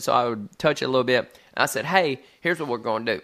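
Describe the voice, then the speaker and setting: A man in his thirties with a bright, forceful voice, swapping stories on a casual chat show. He laughs easily and acts out every voice in his story. His pitch sits in a middle range. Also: quick pace. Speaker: podcast co-host.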